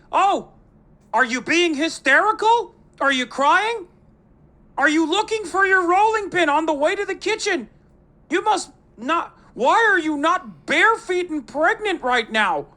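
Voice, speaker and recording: A man's voice: very high-pitched, sharp tone, pitched above the performer's own voice, heavily acted. A man putting on a mocking caricature of an older male pundit, whiny and melodramatic.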